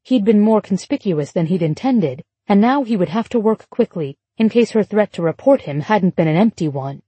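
A woman narrating an audiobook in a steady, measured storytelling voice. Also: mid-range voice, husky, no echo. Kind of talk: scripted narration.

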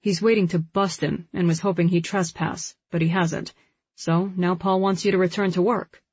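A woman reading the lines of a calm, protective young man in an audiobook. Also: lowish voice, normal speed, husky, dry recording. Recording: dull lo-fi recording.

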